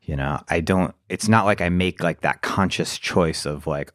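A man co-hosting a podcast, talking in a reflective, halting way with lots of fillers. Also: low-pitched, no room sound, studio quality. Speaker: podcast co-host. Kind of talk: casual podcast chat.

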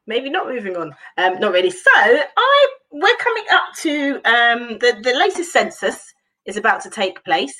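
A woman co-hosting a casual group chat, animated and exclaiming, often restarting her sentences. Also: mid-range voice, low-quality recording. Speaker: podcast co-host.

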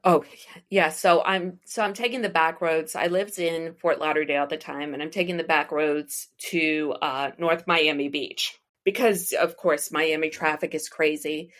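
A middle-aged woman from the United States tells her stories in a loose, rambling way, with restarts and little laughs along the way. Her voice sits a bit low for a woman. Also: fairly even intonation, normal speed, a bit bright. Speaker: interview guest, astrologer and psychic medium. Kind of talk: casual storytelling interview.

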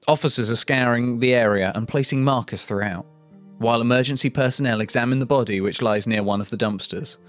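A man's voice: medium pitch, brisk, soft background music. A man co-hosting a comedy podcast, reading an AI-written script aloud and tripping over its awkward phrasing. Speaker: podcast co-host.

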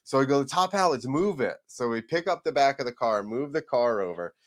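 Speaking fairly quickly with lively intonation at medium pitch, a man chats casually as a podcast guest. He's a freestyle motocross rider spinning a rambling story, acting out its characters and cursing occasionally.

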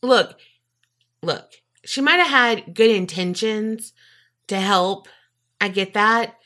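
A woman's voice: mid-range voice, slow. A woman co-hosting a casual true crime podcast, reacting with outrage, swearing and acting out quotes. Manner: animated, swears, acts out quotes. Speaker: podcast co-host.

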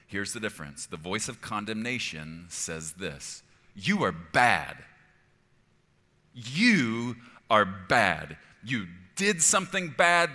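A man's voice: deep voice, sharp tone, long reverb tail. A middle-aged man preaching a sermon as a pastor, earnest and conversational, often checking in with his listeners. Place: church auditorium.

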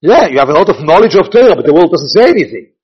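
A man's voice: on the high side, sing-song, racing, breathy edge. An older man, a rabbi giving an informal Torah lecture, rambling and repeating himself as he mixes in Hebrew and Yiddish terms. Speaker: rabbi teaching a class. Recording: dull lo-fi recording.

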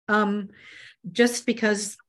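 A woman's voice: medium pitch, level tone, very slow, fairly bright tone. A woman media trainer speaking as an interview guest, earnest and conversational, often restarting her sentences. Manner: earnest, with frequent restarts and "you know".

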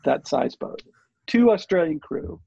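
An older man tells a rambling story as an interview guest, slipping into the voices of the people he quotes. His voice sits a little high, with a gravelly, breathy rasp. The sound is dry and dull, like a lo-fi recording. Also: measured pace, no room sound. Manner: rambling, animated, acts out quoted dialogue. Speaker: interview guest, surf filmmaker. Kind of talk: casual storytelling. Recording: dull lo-fi audio.

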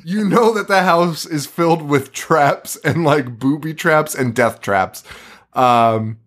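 A man's voice: on the high side, slow, a bit bright. A man co-hosting a podcast in a basement, retelling a movie in casual chat, laughing often and swearing freely. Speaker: podcast co-host.

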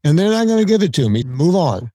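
Podcast guest, man, blunt storyteller, dark dry tone, close mic. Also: fairly high pitch, sing-song, fast talker, no room sound. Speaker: podcast guest, show host. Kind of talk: casual podcast conversation.

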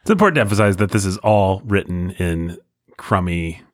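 A man's voice: deep voice, animated, moderate pace, no room sound, studio quality. A man hosting a movie podcast in casual chat, playful and emphatic, leaning up on key words. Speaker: podcast host.

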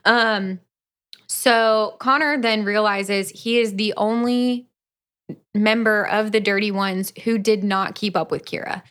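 A young woman co-hosts a casual book-review podcast, talking at a slow, easy pace. Her recaps are dry and laid back, with a mid-range pitch. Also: fairly even intonation, a bit bright. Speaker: podcast co-host.

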